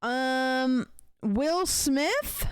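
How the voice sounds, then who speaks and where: A woman's voice: sits high, expressive, very slow, clear, resonant tone, no room sound, studio quality. A young adult woman streamer in casual chat, rambling and playful and swearing now and then. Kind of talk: casual chat, ranking celebrities' texting habits.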